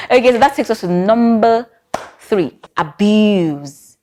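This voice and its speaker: A woman's voice: mid-range voice, animated, slow pace, darkish tone, soft background music. A woman, a therapist giving relationship advice to camera in a conversational way, often checking in with the listener. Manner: conversational, with frequent rhetorical check-ins. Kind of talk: talking-to-camera advice video.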